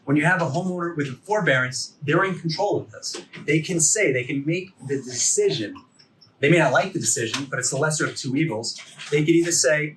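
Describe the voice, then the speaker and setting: Speaking briskly in a slightly high, fairly bright voice, a man in his forties teaches a continuing education course. His lecture is conversational, full of rhetorical questions and "okay?" or "right?" check-ins, and he sits somewhat distant from the mic.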